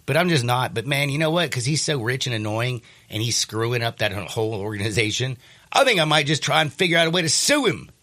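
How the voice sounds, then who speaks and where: A male sports radio host, congested from sinus trouble, talking in a rambling, animated, jokey way. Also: mid-range voice, fast. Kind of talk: sports talk radio chat.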